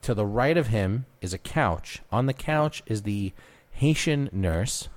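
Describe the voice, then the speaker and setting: Animated, profane male storyteller. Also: on the low side, a little slow. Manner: animated, profane, gets loud and laughing as the story builds. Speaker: podcast co-host. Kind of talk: casual chat, telling a funny story.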